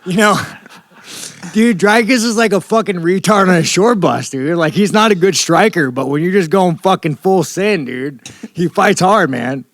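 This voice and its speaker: American man, fighter at a media scrum, raised pitch, dry close sound, rambling and profane. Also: normal speed, fairly bright tone, no room sound. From United States. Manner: profane, rambling, blunt, combative. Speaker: professional fighter at media day. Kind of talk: profane press-scrum rant.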